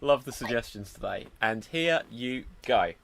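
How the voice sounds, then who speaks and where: A man's voice: mid-range voice, animated, a little slow, vocal fry, a bit bright. A man hosting a live improv comedy show over a video call, upbeat and giggly. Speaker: host.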